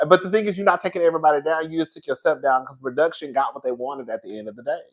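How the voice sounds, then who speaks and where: Sassy male reviewer, slightly high voice, animated and laughing. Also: a little fast. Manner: sassy, animated, laughing often, drags words for effect. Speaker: reality TV reviewer. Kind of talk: casual reaction commentary.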